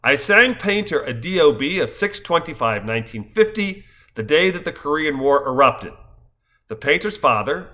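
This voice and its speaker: A man's voice: mid-range voice, bright, forceful tone. A man in his fifties, a stage actor, giving a wry, scripted narration full of wordplay. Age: 50s. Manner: wry, wordplay-laden storytelling.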